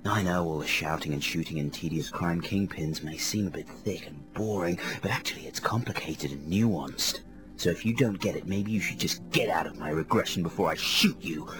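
A man's voice: sits low, normal speed, pitched below the performer's own voice, lightly acted. A man impersonating a whispery, brooding film star. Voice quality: breathy stage whisper. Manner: melodramatic, self-mocking monologue. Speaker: radio host. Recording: radio broadcast with music underneath.

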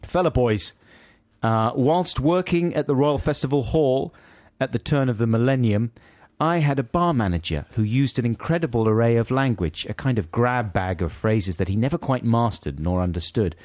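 A man's voice: medium pitch, normal speed, no echo. A man co-hosting a casual chat show, reading listener emails aloud and laughing often. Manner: animated, laughing, puts on voices for quoted lines. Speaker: podcast co-host.

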